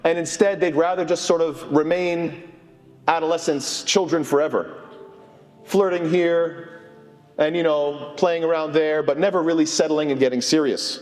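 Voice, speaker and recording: Male preacher, earnest sermon voice, slightly high, long hall reverb. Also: fairly even intonation, moderate pace, faint music behind. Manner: earnest, mixes Arabic phrases. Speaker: imam. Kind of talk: mosque sermon.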